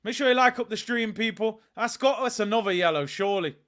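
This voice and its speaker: Lads' football streamer, high pitch, excitable, shouts at near-misses. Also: male voice, fast. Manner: excitable, erupts into shouts at chances; slangy, chats to stream viewers. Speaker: football watch-along host. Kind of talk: live match reaction commentary.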